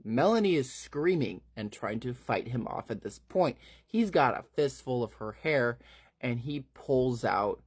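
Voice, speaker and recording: A man retells a gruesome horror story in a loose, chatty way, scattering fillers and asides. His voice sits in an ordinary middle pitch. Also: lively intonation, measured pace, slightly rough. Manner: casual, filler-laden, graphic.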